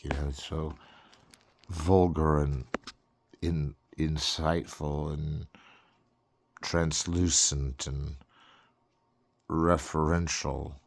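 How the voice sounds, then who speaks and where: A man's voice: extremely low pitch, creaky. A man hosting a loose, jokey cartoon critique, rambling through improvised commentary and slipping into mock-grand phrasing. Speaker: comedic film critic host.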